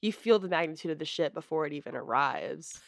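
A woman co-hosting a podcast, chatting casually with plenty of filler words. Her voice sits a bit low for a woman, and the recording is dry and close. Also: expressive, brisk, dry recording. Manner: chatty, lots of "like" and "you know". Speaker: podcast co-host. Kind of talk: casual chat.

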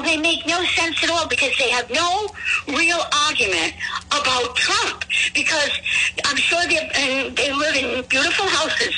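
A woman's voice: sits high, heavy background noise. A woman calling a talk radio show, rambling and scornful about the people she disagrees with. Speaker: caller. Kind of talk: phone-in political talk.

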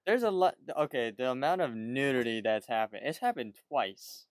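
A man co-hosts a casual podcast in a relaxed way, reacting briefly and asking questions about a cartoon episode. His voice is smooth and resonant, and it is recorded close and dry with no room sound. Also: mid-range voice, normal speed, no echo. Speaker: podcast co-host. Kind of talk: casual cartoon recap chat.

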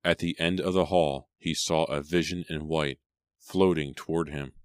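Very deep-voiced male audiobook narrator. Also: steady tone, normal speed, no echo, studio quality. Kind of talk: scripted narration.

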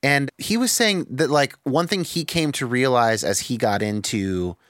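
A man's voice: medium pitch, a little slow, fairly bright tone, no echo. A man hosts a podcast and talks through his thoughts openly, cursing now and then and circling back on his sentences. His voice sits in a middle range. The sound is dry and close, with no room around it. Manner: reflective, frank, swears freely, thinks aloud with restarts. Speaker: podcast host. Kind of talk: candid podcast conversation.

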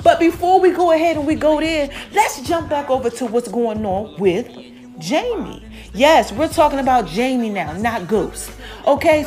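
High-pitched woman chatting thru a tv recap, calls everyone y'all, faint music under her. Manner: chatty, animated, addresses listeners as y'all; acts out characters' lines with quick pitch jumps. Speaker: TV recap host. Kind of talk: casual TV episode recap.

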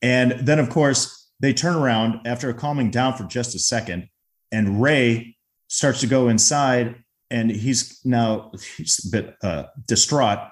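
A man's voice: mid-range voice, unhurried. A man co-hosting a podcast, casually retelling a movie scene and briefly acting out the characters' lines. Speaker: podcast co-host.

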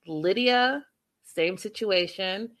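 A woman's voice: mid-range voice, slow, a bit bright. A woman giving casual, passionate commentary on a reality show, full of emphatic rhetorical questions.

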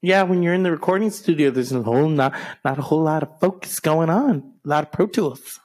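A man's voice: fairly high pitch, fairly quick, darkish tone. Sarcastic man heckling a TV show. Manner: sarcastic, crude and mocking, with exaggerated gasps. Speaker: podcast host. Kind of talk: mocking running commentary on a TV broadcast.

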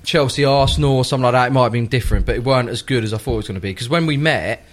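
A man's voice: medium pitch, very fast, slight background noise. A man co-hosting a casual football podcast, chatty and jokey, chipping in with quips. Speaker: podcast co-host. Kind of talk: casual chat.

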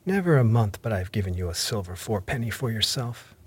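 A man voicing an ailing old sea captain who pleads and curses in rough sailor talk, in an audiobook reading. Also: on the low side, very animated, fairly quick, a little mellow. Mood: pleading. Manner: coaxing, then gruff and rough-spoken.

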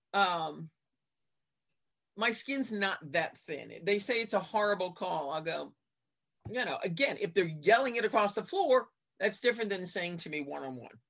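A woman in her fifties, a veteran basketball referee, chatting in an interview and acting out her exchanges with coaches in lively retellings. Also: medium pitch, moderate pace. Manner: animated storyteller acting out court exchanges. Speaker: basketball referee, podcast guest. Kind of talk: casual interview chat.

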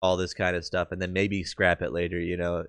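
A young man co-hosting a podcast, easygoing and hedging as he gives his views. His voice sits very low. The recording is dry and close. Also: flat delivery, a little fast, a bit bright, clear, resonant tone, dry recording. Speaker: podcast co-host. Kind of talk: casual chat.

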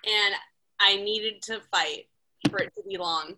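A woman co-hosting a podcast, chatting casually with giggly, animated banter. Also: mid-range voice, a little slow, rough recording. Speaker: podcast co-host. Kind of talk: casual chat.

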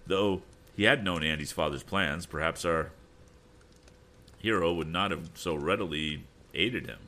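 A man reading an adventure story aloud as narrator in a measured storytelling manner. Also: low voice, sharp tone. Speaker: audiobook narrator. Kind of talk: scripted narration.

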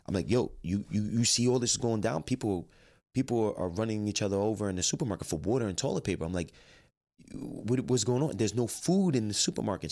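A man telling a personal story in lively, dialogue-filled storytelling, acting out what he and others said. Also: on the low side. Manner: animated, quotes himself and others in dialogue. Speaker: life coach and trainer.

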